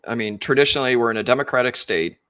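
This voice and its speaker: A man's voice: medium pitch, rapid-fire, a bit bright, dry recording. A man, hosting a casual podcast interview and thinking aloud with loose, rambling phrasing. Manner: rambling, many fillers and restarts. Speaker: podcast host.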